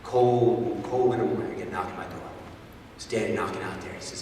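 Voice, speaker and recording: A man giving an animated talk to a live audience, telling a story and repeating words, in an echoey hall heard from far off. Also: on the low side, fast, a little hiss or hum. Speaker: guest speaker.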